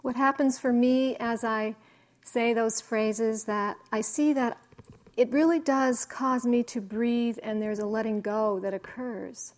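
A woman meditation teacher giving a slow, reflective dharma talk with soft pauses. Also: on the high side, steady tone. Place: meditation hall.

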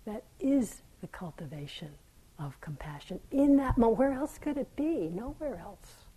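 Soft-spoken woman giving a dharma talk. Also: on the high side, sing-song, normal speed, breathy edge, rough recording. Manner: gentle, reflective, drifting into soft near-whispers. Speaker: meditation teacher. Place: meditation hall.

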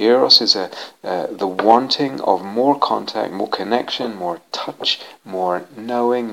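Gravelly low-voiced male meditation teacher. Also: fairly bright tone, a little hiss or hum, rough recording. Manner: searching, repeats key words, many restarts and pauses. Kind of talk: dharma talk to a retreat group. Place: retreat center meditation hall.

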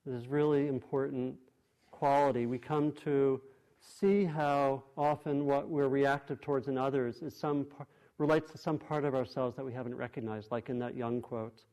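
A man teaching meditation, giving a dharma talk to a group in a meditation hall, thoughtful and unhurried, with frequent pauses and restarts. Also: mid-range voice, steady tone, dark tone.

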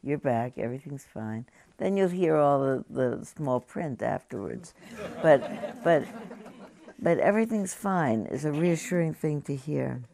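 A woman meditation teacher giving a conversational, halting talk to a group, often turning to ask the audience questions. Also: low voice, expressive, gravelly, dark tone, a faint crowd. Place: meditation hall.

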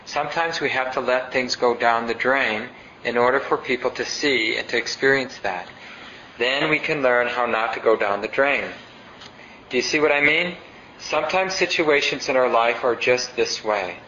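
Meditation teacher guy chatting through a dharma talk, mid pitch, roomy dull recording. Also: moderate pace, bright, forceful tone, slight background noise. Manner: conversational, reads passages aloud, asks the audience questions. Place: meditation center hall.

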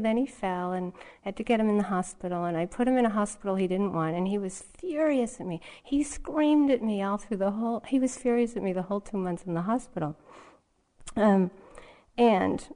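A woman's voice: mid-range voice, mellow. A woman meditation teacher giving a dharma talk, telling a personal story in a candid, rambling way full of fillers and restarts.

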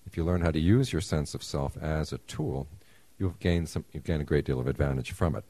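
A man gives a dharma talk as a meditation teacher in a meditation center. His voice is extremely deep, dark and husky, and his pace is measured and explanatory, with wry asides to his listeners. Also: no room sound.

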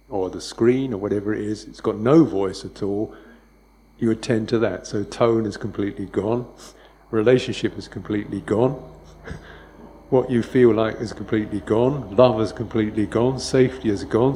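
A man giving a dharma talk as a meditation teacher, speaking softly and unhurriedly, with reflective repetitions. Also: on the low side, rough recording.

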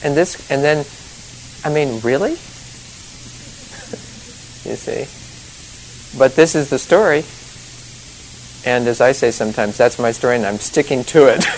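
A man's voice: mid-range voice, sing-song, slow pace, long pauses, a little hiss or hum, low-quality recording. Chuckling, rambling male meditation teacher. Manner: chatty, rambling, laughs often, many "you know" and "you see" asides. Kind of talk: informal dharma talk.

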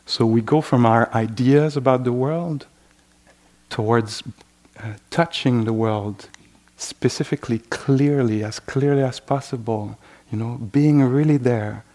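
A man leads a dharma talk in an unhurried, reflective way. His voice sits at a middle pitch with a gravelly fry, and he keeps checking in with "you know" while voicing the mind's passing thoughts. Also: warm tone. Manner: acts out inner voices in quoted asides. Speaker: meditation teacher.

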